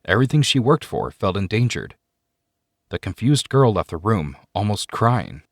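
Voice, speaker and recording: Lower-voiced man narrating a story. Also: vocal fry, no room sound, clean studio sound. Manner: measured storytelling with expressive ups and downs. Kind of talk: scripted audiobook narration.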